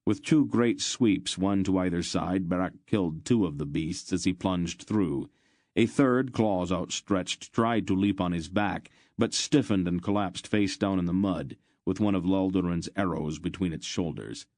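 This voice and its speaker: A man narrating an audiobook in a steady, measured way. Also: low-pitched, dry recording, clean studio sound.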